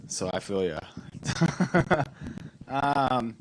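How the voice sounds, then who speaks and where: A man's voice: on the low side, moderate pace, slight background noise, rough recording. A young man hosting a comedy night, laid-back and chatty, laughing easily between lines. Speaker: comedy show host. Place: comedy club stage.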